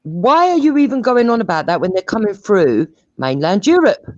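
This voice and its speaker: A woman's voice: medium pitch, sing-song, moderate pace, darkish tone, dry recording, lo-fi sound. A woman arguing bluntly in a heated online debate, cutting in and pushing back. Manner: combative, interrupting, blunt. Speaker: debate participant.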